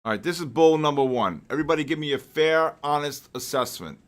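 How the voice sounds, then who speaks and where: A man hosting a live trading stream, excitable and joking as he calls out market moves to his viewers. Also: a little high, brisk. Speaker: host of a live trading session.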